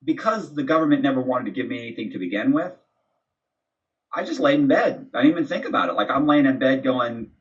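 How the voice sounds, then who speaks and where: A man's voice: mid-range voice, animated, fast talker. A man tells a long story as an interview guest, rambling and acting out bits of dialogue, often restarting his sentences. His voice sits in a middle range and comes across from some distance. The recording is muffled and lo-fi. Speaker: podcast guest. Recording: distant, dull lo-fi sound.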